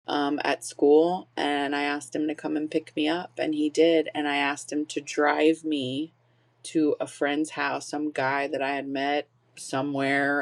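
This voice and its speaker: A woman's voice: deep voice, gravelly. A woman in her forties, a podcast guest telling her own story openly, swearing freely and laughing through painful memories. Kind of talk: personal storytelling.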